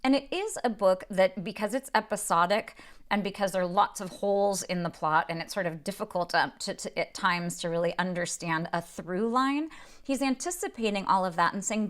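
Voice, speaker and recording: A woman hosts a book podcast at an ordinary mid pitch. She explains a novel in a thoughtful, unscripted way, often restarting her sentences as she works through an idea. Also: fairly quick. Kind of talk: casual literary talk with read-aloud passages.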